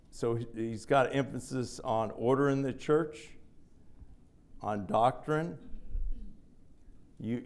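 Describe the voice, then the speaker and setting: A man's voice: mid-range voice, a little mellow. A man preaching a sermon in a teaching manner, often putting a question to the listeners and answering it himself.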